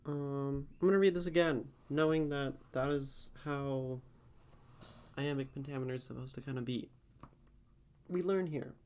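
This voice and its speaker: A man's voice: medium pitch, normal speed, a little mellow, clear, resonant tone. An American man streaming casually, thinking aloud in a hesitant way with many fillers. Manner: musing, hesitant, lots of fillers.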